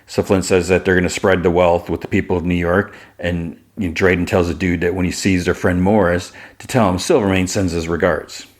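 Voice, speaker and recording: A man's voice: sits low, flat delivery, fairly quick, few pauses. A man hosting a podcast, casually retelling a show's plot in a rambling way, full of fillers and quoted lines. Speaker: podcast host. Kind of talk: casual episode recap.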